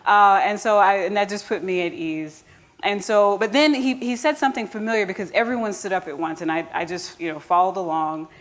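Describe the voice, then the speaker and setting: A woman from the United States telling a personal story live on stage, earnest and warm-humored, with restarts and asides to the audience. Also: medium pitch, a little fast.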